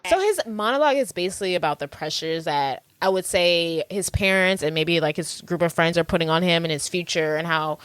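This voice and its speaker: Chatty woman with a lower voice. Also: expressive, fairly quick, hardly any pauses, a bit bright, clean tone, dry recording. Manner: chatty and laughing. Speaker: podcast co-host. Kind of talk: casual chat recapping a film.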